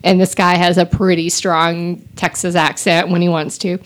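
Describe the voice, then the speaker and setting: A woman's voice: on the low side, little pitch movement, normal speed. A woman in casual podcast chat, talking about a book she is reading and often restarting her sentences. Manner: chatty, restarts often, amused storyteller.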